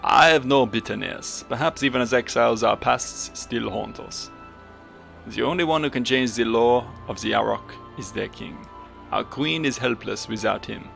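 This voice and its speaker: A man's voice: medium pitch, normal speed, vocal fry, fairly bright tone, faint music behind. A man doing a solemn bird-folk exile with a mock French accent. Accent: put-on French. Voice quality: accent degrading as it goes.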